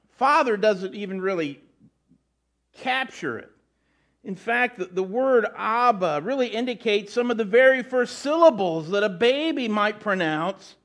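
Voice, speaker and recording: A man's voice: high voice, fairly bright tone. A middle-aged man preaching a sermon in a conversational way, often restarting and adding asides. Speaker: pastor.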